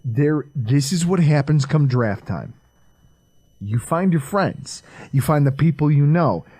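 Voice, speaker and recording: A male podcast co-host from the Buffalo area rambles through casual chat. His pitch sits fairly high and swings widely as he riffs, and he swears freely while he philosophizes. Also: lively intonation, measured pace, dark tone. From Buffalo area, New York.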